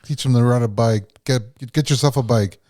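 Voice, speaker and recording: A man with a mellow, dark voice, co-hosting a podcast in casual chat. He sounds easygoing and agreeable, a little farther from the mic, in a dry space. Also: medium pitch, moderate pace, no room sound. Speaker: podcast co-host.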